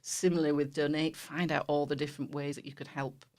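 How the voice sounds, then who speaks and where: A woman's voice: sits low, flat delivery, fast talker, darkish tone. A woman, a charity guest on a radio interview, chatty and enthusiastic. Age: 50s. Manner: enthusiastic, chatty, says fabulous a lot.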